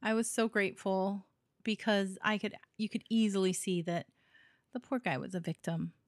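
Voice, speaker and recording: A woman's voice: medium pitch, moderate pace, no echo, clean studio sound. A woman from Hawaii co-hosting a podcast in a casual, giggly chat full of fillers. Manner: chatty, giggly, with many fillers. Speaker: podcast co-host.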